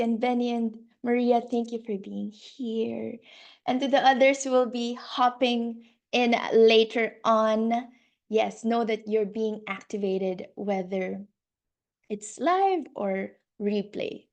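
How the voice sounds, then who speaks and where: A woman's voice: a little high, fairly even intonation, slow, creaky, darkish tone. A woman life coach hosting a workshop on a video call, effusive and gushing, laughing often and repeating her words.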